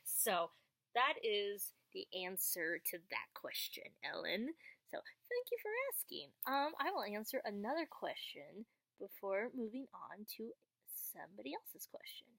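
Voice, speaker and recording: A young woman chatting casually to the camera as she answers viewers' questions, acting out quoted lines with sudden high jumps in her voice. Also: big pitch swings, a little slow, creaky, fairly bright tone, no room sound. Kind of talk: casual storytelling vlog.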